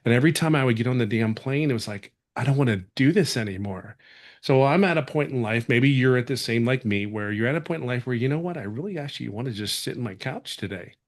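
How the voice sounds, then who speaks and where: A man from California giving an earnest, rambling testimonial as a webinar guest, full of restarts. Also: mid-range voice.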